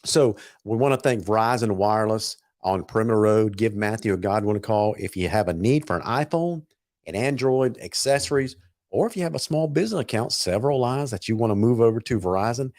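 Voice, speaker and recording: A man hosting a casual talk show and reading sponsor messages, excitable and wired on caffeine, tripping over his words. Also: fairly low pitch, brisk, dry recording, clean studio sound. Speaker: host.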